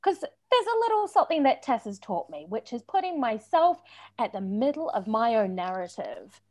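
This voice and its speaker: A woman improvising a tearful ex-girlfriend who finds her nerve, animated and lilting. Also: a little high, moderate pace. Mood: defiant. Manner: animated, lilting, prone to crying. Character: tearful, newly empowered woman, Michael's ex. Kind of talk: improvised comedy scene.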